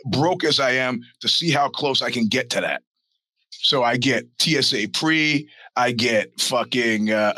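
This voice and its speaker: A man's voice: medium pitch, bright, forceful tone, no room sound, low-quality recording. A male podcast host telling rambling, profane stories in a casual monologue and acting out the people he quotes. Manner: profane storytelling with put-on quoted voices.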